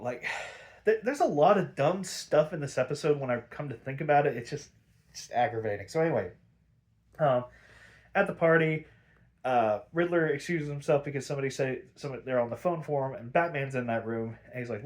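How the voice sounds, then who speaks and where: A man's voice: fairly high pitch, normal speed. A man hosting a casual solo episode review, ranting in exasperation and swearing freely, with plenty of fillers and restarts. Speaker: podcast host reviewing episodes.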